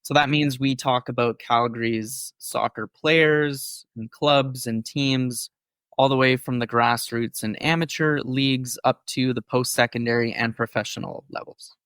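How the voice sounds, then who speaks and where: A man's voice: medium pitch, steady tone, a little slow, fairly bright tone, clean tone, dry recording. A man co-hosting a casual sports podcast, explaining topics in an informative way with a few fillers. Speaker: podcast co-host.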